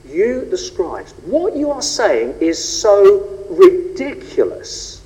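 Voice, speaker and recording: Animated preacher in a reverberant hall. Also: male voice, slow pace, few pauses. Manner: animated, rhetorical, shifts pitch and pace for emphasis. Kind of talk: sermon. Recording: long reverb of a large hall.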